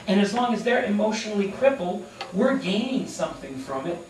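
High-voiced man preaching a sermon. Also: echoey room, recorded from a distance, a little hiss or hum, low-quality recording. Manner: animated, acts out characters in quick asides. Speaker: pastor. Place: church sanctuary.

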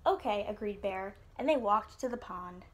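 A woman teacher reading a children's storybook aloud in an expressive, animated way for an online class. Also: moderate pace. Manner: expressive, voices characters with lifted pitch.

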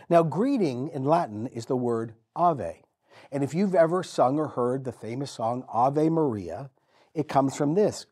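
Animated, husky-voiced male pastor. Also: mid-range voice. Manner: animated storytelling, dramatic pauses and repetition. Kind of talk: sermon. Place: church.

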